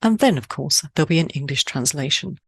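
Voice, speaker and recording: Woman, podcast host, from Switzerland, deep voice, measured scripted delivery, dry recording. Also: animated, creaky, slightly rough, no echo.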